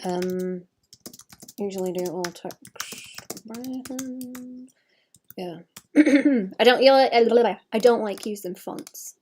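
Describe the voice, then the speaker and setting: A woman's voice: fairly high pitch, drawn-out words, pauses often, darkish tone, slight background noise. Chatty, cursing woman in her late twenties. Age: late 20s. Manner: chatty and profane, laughs at herself. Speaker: artist livestreamer. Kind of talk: casual livestream chat while drawing.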